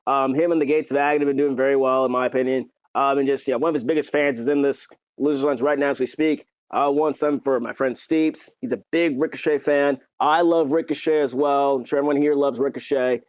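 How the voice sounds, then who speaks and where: A man co-hosting a podcast, chatting casually and excitedly, with lots of fillers and restarts. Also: medium pitch, brisk, no echo, highs cut off. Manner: rambling, filler-heavy, excitable. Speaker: podcast co-host. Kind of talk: casual wrestling chat.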